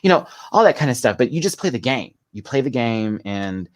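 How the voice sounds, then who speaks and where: With a mid-range voice and a slightly fast delivery, a male podcast guest shares stories in relaxed conversation, animatedly performing the quotes. There is no echo on the recording.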